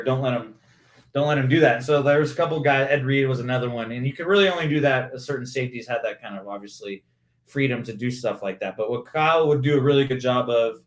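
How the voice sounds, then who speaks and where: A man in his forties, a former pro receiver and podcast guest, talking through football concepts in an animated, detailed way in conversation. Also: medium pitch, far from the mic. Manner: animated, explains with hands-on play-by-play detail. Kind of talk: conversational interview. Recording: roomy, echoey room sound.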